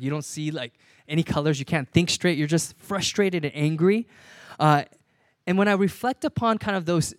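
Pastor, man in his thirties, easygoing sermon delivery with repeated key lines, slightly high voice, dry sound. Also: dry recording.

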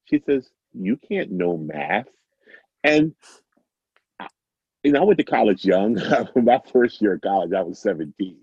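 Deep-voiced man telling a story. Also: moderate pace, pauses often, breathy edge, dry recording, highs cut off. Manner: animated, self-amused, acts out dialogue. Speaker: guest storyteller. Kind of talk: casual anecdotal storytelling.

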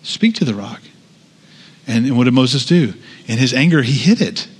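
A man's voice: mid-range voice, lively intonation, moderate pace, husky. A man preaching a sermon in a conversational way, with asides and restarts. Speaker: pastor. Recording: long hall reverb.

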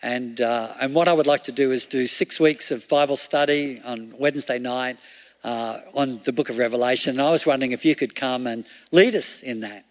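A man's voice: mid-range voice, moderate pace. A male preacher giving a chatty sermon, often laughing and asking rhetorical questions. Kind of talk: conversational sermon. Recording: long hall reverb.

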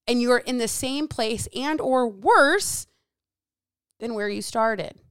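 A woman's voice: fairly high pitch, slow, fairly bright tone, clear, resonant tone, no room sound, studio quality. A middle-aged woman hosting a solo podcast as a diet coach, talking bluntly and sarcastically with plenty of swearing. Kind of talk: casual solo podcast rant.

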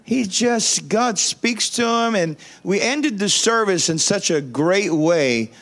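A man's voice: high voice, expressive, takes it slowly, a bit bright. A male pastor preaching a sermon, leading his congregation in call-and-response and repeating phrases with enthusiasm.

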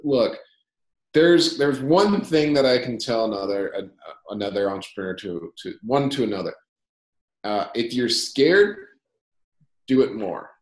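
A young man, a company founder, talking as a guest in a casual interview, telling energetic stories and acting out dialogue. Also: mid-range voice, a little slow, pauses often. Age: young adult. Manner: energetic storyteller, repeats phrases, acts out dialogue. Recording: roomy echo.

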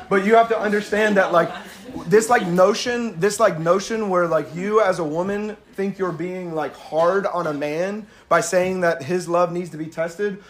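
Emphatic man teaching, light laughs. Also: high voice. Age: adult with a young daughter. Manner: conversational, emphatic, laughs between points. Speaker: Bible teacher. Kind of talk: casual sermon-style teaching.

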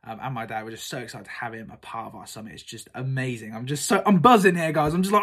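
Gushing young man, slightly high. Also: animated, rapid-fire, few pauses, sharp tone, breathy edge. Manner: gushing, fillers and repeats, acts out quotes in a high voice. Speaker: summit organiser vlogging. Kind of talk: casual excited monologue.

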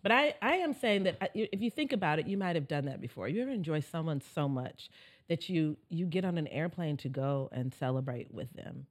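Woman cohost, bubbly storyteller, kinda husky, voice jumps around a lot, laughs constantly. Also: sits low, fairly quick. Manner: animated, laughing often, playful storytelling. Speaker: podcast co-host. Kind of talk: casual chat.

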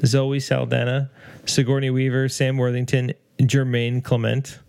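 A man co-hosting a casual chat in an easygoing, amused way, quick to laugh. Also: medium pitch, completely flat delivery, creaky, darkish tone, clear, resonant tone.

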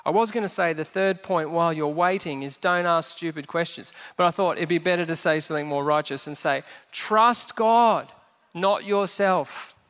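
A man preaching a sermon as pastor, animated and jokey, acting out quotes as he goes. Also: a little high, normal speed. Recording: long church hall reverb.

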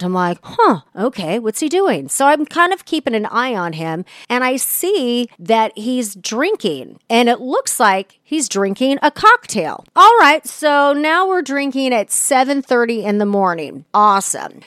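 A woman's voice: on the high side, no echo, clean studio sound. Blunt, exasperated woman podcaster. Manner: blunt, exasperated, swears freely. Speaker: podcast host. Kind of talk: casual storytelling.

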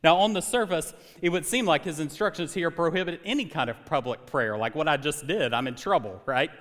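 A young man preaching a sermon as pastor, animated and conversational with touches of humor. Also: fairly high pitch, brisk. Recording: long hall reverb.

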